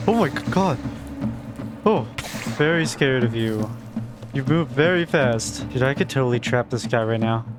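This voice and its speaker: A man narrating his own gameplay in a wry, casual way, breaking into jumpy, excitable reactions. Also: medium pitch. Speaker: gaming video creator. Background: background game music.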